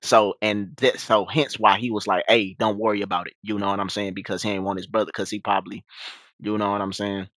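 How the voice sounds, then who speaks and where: A man's voice: a little fast, dry recording. A young man telling a story in a casual, slangy way, acting out the quoted lines in a raised voice. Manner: animated, slangy, acts out quotes in a high voice.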